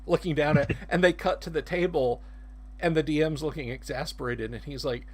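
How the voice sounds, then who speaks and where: A man co-hosting a casual chat, halting and restarting as he searches for words. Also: fairly high pitch, darkish tone. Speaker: co-host.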